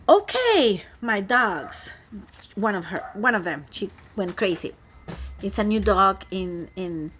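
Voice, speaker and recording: Chatty Costa Rican woman, fairly high voice. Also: a bit bright. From Costa Rica. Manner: chatty, rambling, many restarts and fillers. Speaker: flosstuber, cross-stitch vlogger. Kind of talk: casual chat to camera. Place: home, indoors.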